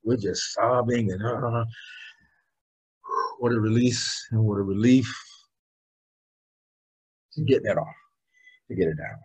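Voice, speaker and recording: Guest interviewee: middle-aged man, motivational speaker, very raspy voice, fairly low, earnest storyteller. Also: slow, long pauses, a little mellow, poor audio. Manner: emphatic, earnest storytelling with bursts of laughter.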